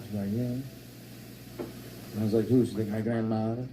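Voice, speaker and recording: A man performing a stand-up comedy set, telling stories in a dry, deadpan way and acting out quotes. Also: fairly low pitch, normal speed, background noise. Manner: deadpan storytelling with acted-out quotes. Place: comedy stage with a laughing audience. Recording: live audience laughter.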